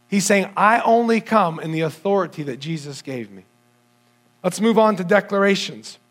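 A man with a high voice delivers a sermon, addressing his congregation directly and asking them questions. His delivery is animated, dropping low and climbing high to make a point. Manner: animated, sweeping between low and high pitch when quoting scripture; audience-addressing with rhetorical questions. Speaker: preacher.

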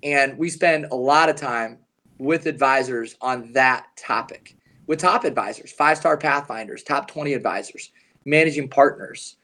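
A man co-hosting a podcast, telling a coaching story in an earnest, emphatic way and slowing down on his key points. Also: mid-range voice, bright, forceful tone. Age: adult, past his young advisor years. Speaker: podcast co-host, advisor coach.

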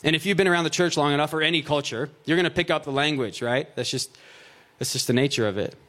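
A man's voice: on the high side, quick pace, a bit bright. A man preaching a conversational sermon. He reads scripture aloud, then explains it in plain, joking asides peppered with "like" and "right?".

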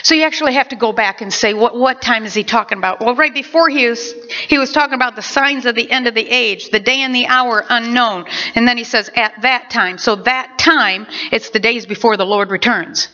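A woman pastor preaching a sermon in an animated way, with quick asides to her congregation. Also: a little high. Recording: dull lo-fi recording.

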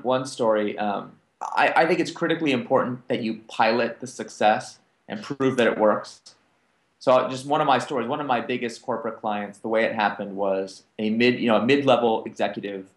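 A man speaking on a conference panel, telling business anecdotes and acting out the other people's lines in lively back-and-forth. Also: mid-range voice, echoey room. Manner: animated, acts out quoted dialogue. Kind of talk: anecdotal storytelling to an audience.

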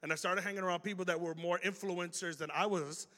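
A young man from Chicago with a Chicago accent, preaching a casual, animated sermon to a youth crowd and acting out quoted exchanges. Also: sits high, fast talker. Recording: long hall reverb.

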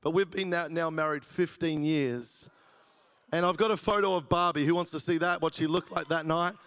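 A man tells his testimony from the pulpit, cracking jokes and laughing at his own lines. His voice sits fairly high, and long reverb trails each phrase through the hall. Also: steady tone, moderate pace, a bit bright, clean tone. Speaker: preacher giving his testimony. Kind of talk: sermon testimony.

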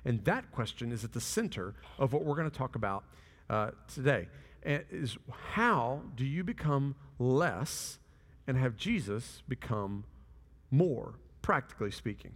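A male pastor preaching a sermon, telling stories in a lively way and acting out the people he quotes. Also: medium pitch, moderate pace, long reverb tail. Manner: animated storytelling with quoted voices.

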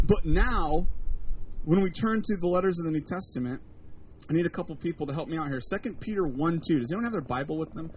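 A man preaching to a live congregation, his voice fairly high and swinging widely in pitch. He asks the crowd questions and drops jokey asides. The mic sits some way off, with steady background noise underneath. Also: fast, distant mic, rough recording. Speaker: pastor. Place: church service with a live audience.

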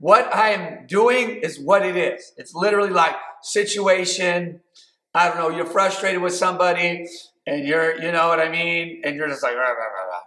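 A man's voice: high voice, steady tone, moderate pace, bright, forceful tone. A man preaching a sermon as pastor, talking in a loose conversational way with many fillers and restarts. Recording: echoey room.

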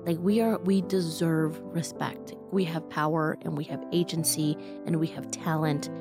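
A young woman with a low voice tells a personal story about her life and community work. She talks in an earnest, emotional way, full of fillers. Music plays clearly behind her. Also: steady tone, normal speed. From Colorado. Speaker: community organizer.

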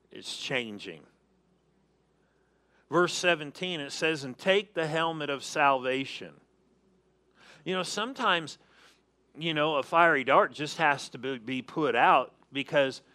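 A man's voice: fairly high pitch, pushed and bright. A man preaching a sermon as pastor, emphatic, calling on the congregation to answer and repeating key phrases.

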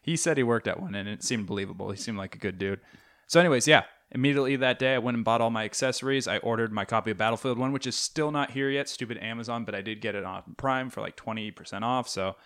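A man's voice: mid-range voice, quick pace. Rambling young man telling stories. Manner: rambling, animated storytelling with fillers. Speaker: podcast co-host. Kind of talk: casual chat.

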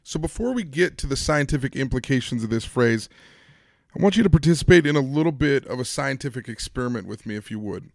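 A man's voice: medium pitch, vocal fry, dry recording, clean studio sound. A man hosting a solo motivational podcast, upbeat and speaking straight to his listeners with questions and instructions. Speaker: podcast host.

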